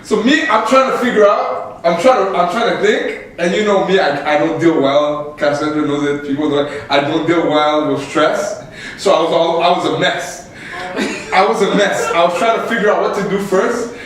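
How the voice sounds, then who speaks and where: A young man hosting a podcast rattles through a story, laughing often and jumping sharply upward in pitch when worked up. His slightly high voice sits far from the mic in a very echoey room with a faint hiss. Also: moderate pace. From Canada. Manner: animated, laughing, voice shooting high when excited. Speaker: podcast host. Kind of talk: casual storytelling among co-hosts.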